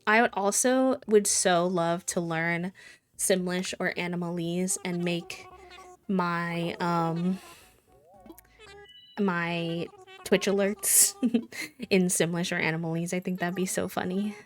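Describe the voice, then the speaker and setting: Woman streamer, rambling casual chat while gaming, slightly low pitch, faint background music. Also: steady tone, takes it slowly, pauses often. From Wisconsin, USA. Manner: chatty, rambling and reflective. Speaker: live streamer. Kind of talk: casual chat while playing a video game.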